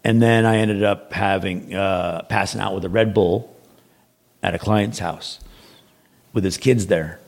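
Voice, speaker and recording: Podcast guest, male, low and gravelly, loose rambling storyteller. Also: fairly even intonation, a little slow. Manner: rambling, repeats words, quotes others in dialogue. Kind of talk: casual storytelling.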